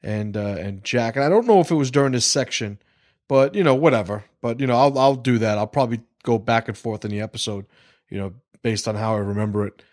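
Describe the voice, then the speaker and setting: A man's voice: mid-range voice, fast, darkish tone, no echo, studio quality. A man hosting a casual livestream podcast, rambling, swearing freely and restarting his sentences. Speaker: podcast host.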